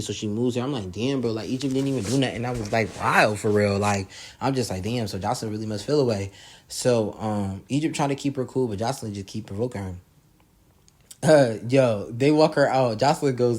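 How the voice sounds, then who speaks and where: A man casually recapping a reality show episode in heavy slang, laughing often and acting out the quotes loudly. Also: medium pitch, fairly quick.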